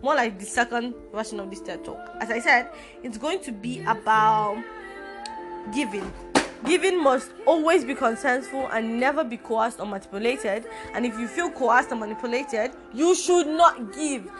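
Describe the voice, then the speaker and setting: Young woman, podcast host, chatty and playful, slightly high pitch. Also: lively intonation, normal speed, over music. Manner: chatty and informal, with playful asides. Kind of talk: casual solo podcast talk.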